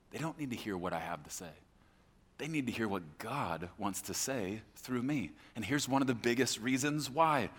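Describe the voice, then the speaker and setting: A man preaching a sermon as pastor on a church stage, emphatic, swinging between hushed and loud. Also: lowish voice. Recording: echoey hall with long reverb.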